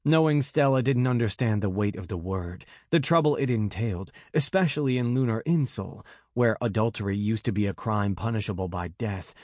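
A man narrating an audiobook in a measured, dramatic way on a close mic. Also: on the low side, a little mellow, dry recording.

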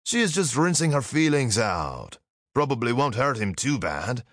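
A man voicing a big, easygoing Gaul warrior in an audiobook, relaxed and amused. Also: mid-range voice, normal speed, no room sound, studio quality, pitched above the performer's own voice.

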